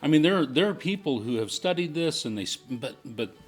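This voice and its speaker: A man's voice: a little high, lively intonation, brisk, slightly rough, faint music behind. Agreeable man co-hosting a chat. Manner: agreeable, affirming, thoughtful. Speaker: co-host. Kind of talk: casual Q&A chat.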